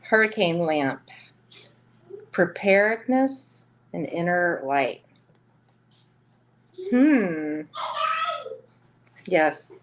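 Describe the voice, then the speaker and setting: A woman's voice: lowish voice, slight background noise. A woman with a Southern US accent giving a chatty live-streamed tarot reading, laughing often between cards. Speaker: tarot reader.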